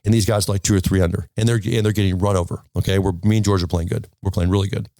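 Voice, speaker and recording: A man's voice: low-pitched, flat delivery, fast talker, dark tone, no echo. A man giving a casual golf lesson to camera, emphatic and telling stories, checking in with "okay?" all the time. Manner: storytelling, full of restarts. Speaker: golf instructor. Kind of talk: casual instructional talk to camera.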